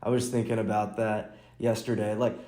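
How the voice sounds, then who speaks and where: A man's voice: on the low side, flat delivery, normal speed, mellow. A man hosting a casual solo podcast, rambling through stories, restarting his sentences and chuckling. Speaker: podcast host and stand-up comic. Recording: roomy echo.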